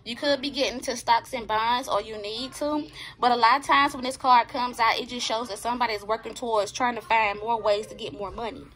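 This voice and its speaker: A woman's voice: a little high, steady tone, a little fast, fairly bright tone. A woman giving a casual tarot reading, talking bluntly and profanely and checking in with her viewers. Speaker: tarot reader.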